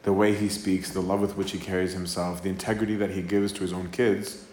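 Man, priest, casual sermon talk, lowish voice, keeps asking "right?", roomy echo. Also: level tone, fairly quick, a little mellow, a little hiss or hum. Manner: conversational, keeps asking "right?", acts out quotes. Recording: echoey room with faint ambience.

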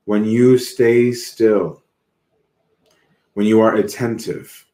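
A man's voice: lowish voice, steady tone, dark tone, echoey room. A man giving an earnest, reflective sermon, repeating words as he goes. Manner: earnest, reflective, slow with repetitions. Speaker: preacher.

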